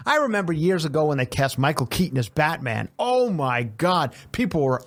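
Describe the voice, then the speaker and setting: A man's voice: fairly high pitch, big pitch swings, normal speed, hardly any pauses, no echo. A man hosting a comedy podcast in a casual, profane rant, riffing and stumbling over names. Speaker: podcast host.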